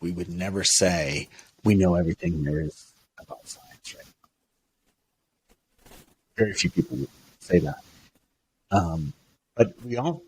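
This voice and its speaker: A man's voice: fairly low pitch, gravelly, a little mellow, a little hiss or hum. A man who is a minister, talking in a reflective interview, hesitant and thoughtful, with frequent restarts and fillers.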